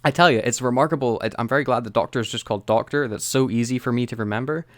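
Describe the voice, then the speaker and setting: A man's voice: mid-range voice, racing, fairly bright tone, no echo, studio quality. A Scottish man co-hosting a podcast, chatting casually and hesitantly about a TV episode, laughing often. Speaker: podcast co-host. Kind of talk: casual chat reviewing a TV episode.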